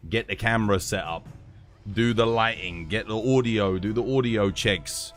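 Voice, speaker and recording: A man's voice: on the low side, normal speed, soft background music. A British man hosting his own live stream, chatting casually, laughing and swearing freely from his home streaming setup.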